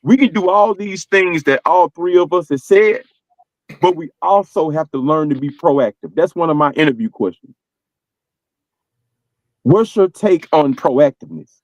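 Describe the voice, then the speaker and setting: A man's voice: a little high, moderate pace, no echo, low-quality recording. A middle-aged man with a Southern US accent, giving earnest, streetwise advice in casual podcast talk. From American South. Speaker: podcast co-host.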